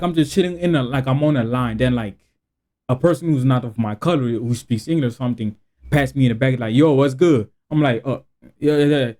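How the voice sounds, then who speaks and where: A young man reacting to a clip. His voice sits high and swings widely in pitch, and his talk is rambling and full of slang, with frequent exclamations. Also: darkish tone. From South Africa. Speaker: reaction video host. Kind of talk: casual reaction commentary.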